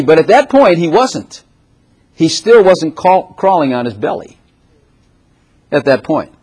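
Animated, breathy-voiced male preacher. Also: on the high side. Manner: animated, laughing, acts out voices of figures. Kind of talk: sermon.

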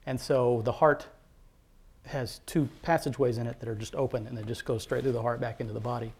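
A man earnestly telling a personal faith testimony as a father, halting, with many fillers and restarts. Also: medium pitch, fairly even intonation, darkish tone, breathy edge. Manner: heartfelt, devout storytelling.

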